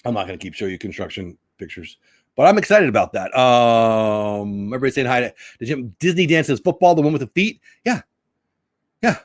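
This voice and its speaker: A man's voice: medium pitch, sing-song, a little fast, no echo. A man hosting a casual live stream, chatting and joking, reading out headlines and greeting viewers in the chat. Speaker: host of a live news stream.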